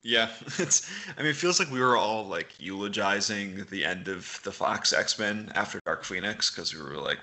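A man's voice: lowish voice, unhurried. A man co-hosting a film podcast in casual chat, laughing often between points. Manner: laughs often, animated asides. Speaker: podcast co-host.

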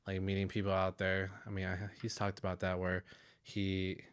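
A man's voice: low voice, completely flat delivery, normal speed, smooth. A young man in casual conversation, rambling with many restarts and filler words. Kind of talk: casual chat.

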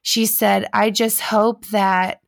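A woman's voice: medium pitch, flat delivery, slow, vocal fry, no echo, clean studio sound. A woman in her thirties co-hosting a casual chat show, telling stories in a chatty, heartfelt way. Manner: chatty, emotional storyteller. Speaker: co-host.

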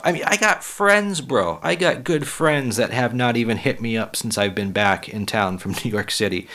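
Raspy guy just over the flu, kinda low voice, blunt and swears a lot on his podcast. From Western Massachusetts. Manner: blunt and profane, emphatic. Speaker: podcast host and comedian. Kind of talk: casual solo podcast talk.

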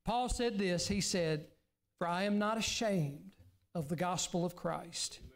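A man preaching a sermon as pastor in a church, earnest, now and then dropping to a hushed, pleading voice. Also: sits high, unhurried. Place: church sanctuary.

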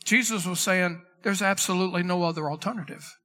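A middle-aged male pastor delivers an emphatic sermon, slowing down to read scripture and punching single words for weight. His voice sits high for a man and carries a bright, forceful tone. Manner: emphatic preaching, stretches key words, reads scripture aloud.

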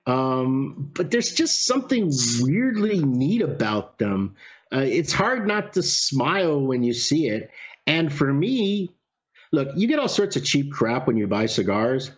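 Animated storytelling man, lo-fi sound. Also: mid-range voice, unhurried. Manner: animated storyteller, swears casually. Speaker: podcast guest. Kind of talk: casual storytelling.

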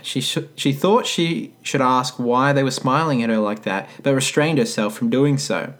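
A man casually reading a story aloud, breaking off for wry, deadpan comments. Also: mid-range voice, normal speed. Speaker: podcast co-host reading fan fiction.

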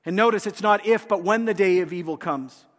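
A pastor, preaching a sermon in a church and speaking earnestly and directly to the congregation. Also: male voice, sits high, a little fast, fairly bright tone, big-room sound. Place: church sanctuary.

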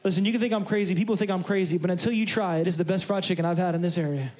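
A man with a high voice preaches to a church congregation. He is a pastor from New York who keeps it conversational and humorous, with asides to the crowd. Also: racing, darkish tone. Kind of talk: sermon. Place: church service.

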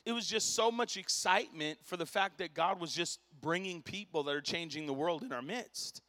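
High, bright-voiced preacher in a reverberant hall. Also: male voice, moderate pace. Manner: impassioned, storytelling, rising to shouts; casual slang like dude and bro. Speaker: pastor. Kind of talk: sermon. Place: church sanctuary.

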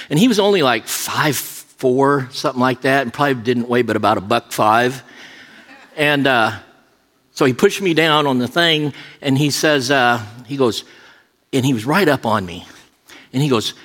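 A middle-aged man preaching from a church, telling jokey, self-mocking stories before he turns to his point. His voice sits at an ordinary pitch for a man, and a long reverb trails behind it in the large room. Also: a bit bright. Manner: jokey, self-deprecating anecdotes. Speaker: associate pastor. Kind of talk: sermon with humorous storytelling. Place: church sanctuary.

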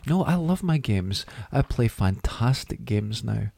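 A man's voice: lowish voice, lively intonation, measured pace, gravelly, warm tone. Chatty Scottish man joking around. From Scotland. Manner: joking, chatty, laughs often. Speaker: podcast co-host. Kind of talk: casual banter.

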